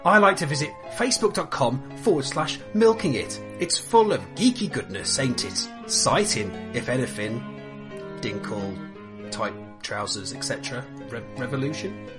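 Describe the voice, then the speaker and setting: A man's voice: medium pitch, big pitch swings, normal speed, music in the background, pitched below the performer's own voice, natural voice. A man doing a cheeky Cockney TV presenter. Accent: put-on Cockney. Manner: rambling, lewd, drawling. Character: cheeky Cockney celebrity TV presenter impression, male, rambling.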